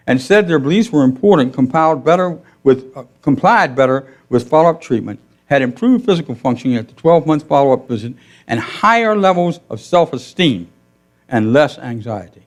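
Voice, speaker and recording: A middle-aged man delivers a sermon in a church, talking gently and conversationally to his congregation. His pitch rises and falls in a lively way as he asks questions and tells stories, acting out both sides of a conversation. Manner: gentle storytelling with quoted dialogue. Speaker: minister. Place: church sanctuary.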